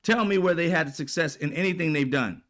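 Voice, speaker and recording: A man's voice: a little high, brisk, a bit bright. Blunt, profane man ranting. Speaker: political commentary host. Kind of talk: ranting political commentary.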